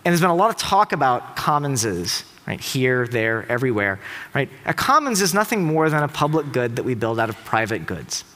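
A man's voice: moderate pace, long reverb tail. A middle-aged man from Tennessee giving an emphatic, rhetorical public talk on stage. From Tennessee, USA. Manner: emphatic, rhetorical, with lively pitch shifts. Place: large auditorium stage.

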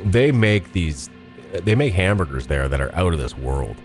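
A middle-aged man with a fairly low voice co-hosts a podcast over a Skype call. He talks in a loose, rambling way, restarting sentences and laughing easily, and his pitch moves a lot. Music plays clearly behind him. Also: very animated, moderate pace. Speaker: podcast co-host. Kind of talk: casual chat. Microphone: talking over Skype.

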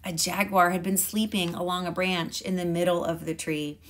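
A woman teacher reading a picture book aloud to a class in a calm, measured way. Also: lowish voice, slight background noise.

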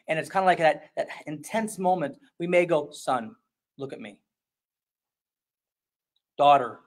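A man preaching a sermon as pastor, shifting between soft and intense delivery and reading scripture aloud, sometimes repeating words as he searches for a phrase. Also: high-pitched.

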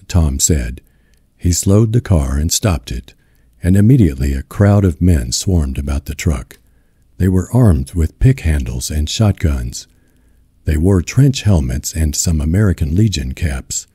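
Deep-voiced man reading a novel. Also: lively intonation, warm tone, slightly rough, dry recording, studio quality. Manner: slow, measured reading. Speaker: audiobook narrator. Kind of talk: scripted narration.

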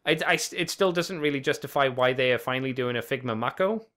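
A man's voice: mid-range voice, quick pace, pushed and bright. A man co-hosting a casual podcast, rambling along, swearing easily and chuckling often. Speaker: podcast co-host. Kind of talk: casual chat.

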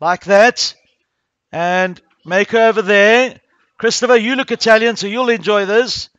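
High-voiced man teaching coding. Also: measured pace, fairly bright tone, clear, resonant tone, dry recording, dull audio. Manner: talks through each click step by step, addressing pupils. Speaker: primary school coding teacher. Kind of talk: classroom coding tutorial. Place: school classroom.

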